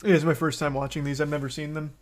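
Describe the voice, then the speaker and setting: A man's voice: fairly high pitch, flat delivery, quick pace, darkish tone. A man streaming, casually recapping a movie and chatting with viewers in a rambling, joking way. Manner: rambling recap with crude jokes. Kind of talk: casual chat.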